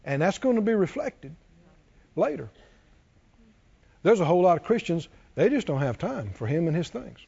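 Pastor type, man, high voice that swoops a lot, preaching to a crowd, muffled lo-fi recording. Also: normal speed, creaky, pauses often, breathy edge. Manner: animated preaching, jokes with congregation, does cartoon voices. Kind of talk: sermon.

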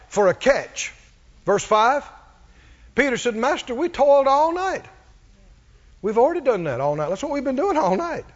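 A man preaching a sermon, repeating phrases and calling for responses from the congregation. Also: high voice. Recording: dull audio in a reverberant hall.

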